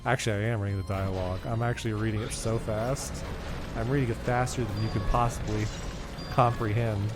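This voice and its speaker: A man's voice: fairly low pitch, steady tone, brisk, music in the background. A young man streaming a video game from his home setup, ranting and swearing at himself in casual, self-mocking commentary.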